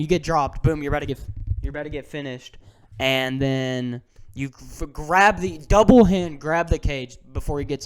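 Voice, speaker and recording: A young man talks through fight results in a loose, slangy rant, dropping to mutters and then flaring into loud outbursts. His voice is smooth and clear at a middling pitch. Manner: excitable, ranting, slangy, swings from mutters to shouts. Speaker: MMA fan vlogger. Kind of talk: casual fight breakdown.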